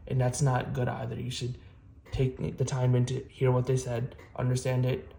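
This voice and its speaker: Earnest rambling young man, flat voice. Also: mid-range voice, moderate pace, creaky, slight background noise. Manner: rambling, earnest, many fillers and restarts. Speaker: vlogger. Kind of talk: casual self-improvement vlog.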